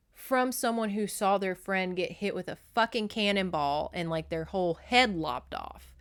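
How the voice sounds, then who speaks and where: A woman podcast host recapping a novel in a chatty, profane, animated way. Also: mid-range voice, clear, resonant tone. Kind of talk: casual book recap.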